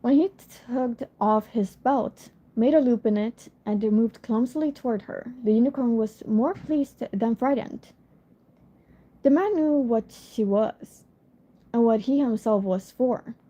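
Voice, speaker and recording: A woman reading a novel aloud on a livestream, casual and steady, with a few apologetic asides between passages. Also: on the high side, unhurried. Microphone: phone. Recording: lo-fi phone recording.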